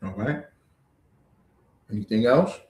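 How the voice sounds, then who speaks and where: A man's voice: on the low side, expressive, slow, darkish tone, roomy sound. A man teaching a livestreamed scripture class, lecturing emphatically with rhetorical questions.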